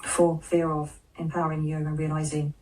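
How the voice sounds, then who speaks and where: A woman voicing a serene male spirit of Jesus speaking through a medium, in slow, solemn, measured pronouncements. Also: deep voice, monotone, a little mellow, far from the mic, pitched below the performer's own voice, natural voice, poor audio.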